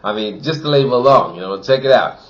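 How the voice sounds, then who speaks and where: A man's voice: medium pitch, animated, fast talker, highs cut off. A man giving a casual wine tasting review, chatty and full of "you know" fillers, from Wisconsin.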